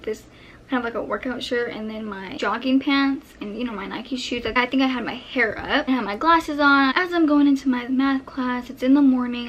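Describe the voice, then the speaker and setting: A young woman with a fairly high voice tells a casual storytime, acting out her own past lines with lively animation. The audio is dull and lo-fi, with a faint hiss underneath. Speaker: vlogger.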